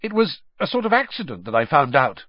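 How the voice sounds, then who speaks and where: A man's voice: on the high side, sing-song, a little fast, no echo, pitched above the performer's own voice. A man voicing an anxious, earnest teenage boy wizard who blurts his words, in a muffled lo-fi recording.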